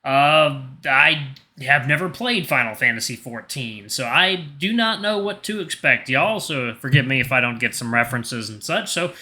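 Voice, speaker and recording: A man hosting a let's play in a relaxed, chatty way. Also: medium pitch, moderate pace. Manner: relaxed, chatty, says y'all. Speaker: gaming channel host. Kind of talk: casual let's play chat.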